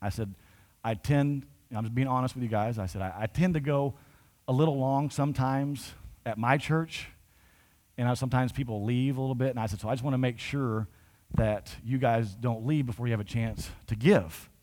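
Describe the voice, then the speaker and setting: A man pastor preaching to his congregation in a conversational storytelling style. His voice sits in a middle pitch, and he builds to emphatic points. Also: moderate pace, darkish tone. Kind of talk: sermon storytelling.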